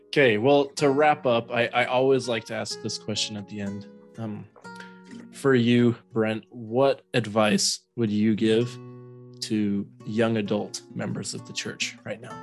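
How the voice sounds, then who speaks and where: Male podcast host with friendly interjections. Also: medium pitch. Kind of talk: casual interview.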